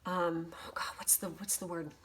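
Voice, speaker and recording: A woman's voice: on the low side, steady tone, moderate pace, a bit bright, slight background noise. A woman doing a casual tarot reading on her channel, reading aloud from a guidebook and reacting freely with swearing and emotion. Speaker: tarot reader. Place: home office.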